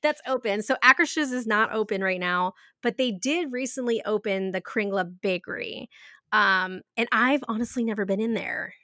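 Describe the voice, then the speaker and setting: A woman's voice: mid-range voice, normal speed, bright, forceful tone, no room sound, clean studio sound. A woman in her thirties chatting casually as a podcast co-host, giggly and full of fillers. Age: 30s. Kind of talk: casual chat.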